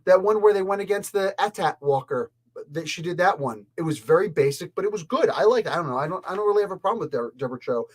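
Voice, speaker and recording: A man's voice: a little high, a bit bright. A man from Canada hosting a casual review show, talking in an exasperated, rambling, emphatic way. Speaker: comic and pop culture reviewer.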